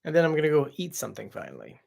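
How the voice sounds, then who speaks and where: Gravelly-voiced man hosting a casual live stream. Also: fairly high pitch, huge pitch swings, rapid-fire, a little mellow. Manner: chatty, reads out viewer comments and answers off the cuff. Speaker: live-stream host answering viewer questions.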